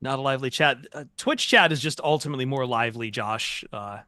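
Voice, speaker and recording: A man co-hosting a sports podcast, with a bright, forward voice. He makes relaxed, wry remarks in easy banter. The recording is dry and close. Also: medium pitch, fast talker, no room sound. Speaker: podcast co-host.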